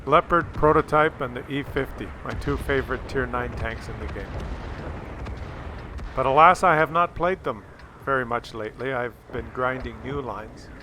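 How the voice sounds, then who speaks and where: A man hosting his own gaming video, talking through gameplay in a rambling, jokey and excitable way. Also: on the high side, slight background noise. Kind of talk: casual gameplay commentary.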